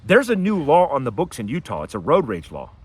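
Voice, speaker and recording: A man telling a personal story to camera outdoors, casual and animated, acting out what people said. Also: mid-range voice, fairly quick, husky. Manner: animated, acts out quotes in a raised voice. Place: outdoors by his house and driveway.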